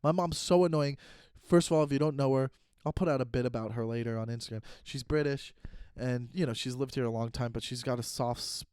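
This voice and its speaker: A man's voice: mid-range voice, a little mellow, smooth, no echo, clean studio sound. A man who hosts a comedy podcast, ranting and swearing with lots of restarts, recorded on a phone in his bedroom. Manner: profane, ranting, fast restarts. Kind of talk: solo podcast rant. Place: bedroom with the door closed. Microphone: phone set up pointing at him.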